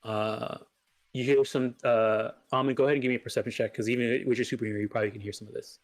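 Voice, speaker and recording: A man's voice: medium pitch, flat delivery, fast talker, soft background music. A man narrating a tabletop game as game master, rambling, with many filler sounds.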